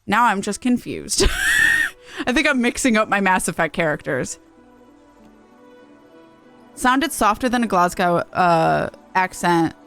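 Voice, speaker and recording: A woman's voice: mid-range voice, huge pitch swings, takes it slowly, long pauses, pushed and bright, faint music behind. A woman streaming a game, chatting casually in a rambling, self-correcting way and laughing easily. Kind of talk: casual gameplay chat.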